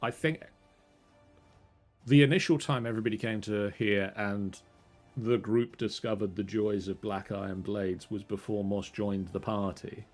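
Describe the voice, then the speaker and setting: A man's voice: fairly low pitch, steady tone, unhurried, a little mellow, soft background music. A man narrating a tabletop game as game master, describing scenes in a rambling way with fillers.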